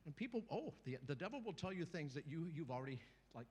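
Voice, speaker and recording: Animated husky male preacher. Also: on the high side, quick pace. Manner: lively, joking, acts out little voices and calls to the congregation. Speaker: guest preacher. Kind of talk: sermon. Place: church in front of a congregation.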